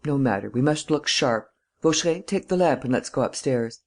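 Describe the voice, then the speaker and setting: A woman voicing a sharp-tongued, commanding gentleman thief. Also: very deep voice, expressive, full character voice. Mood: brisk scolding. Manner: brisk, scolding, peremptory.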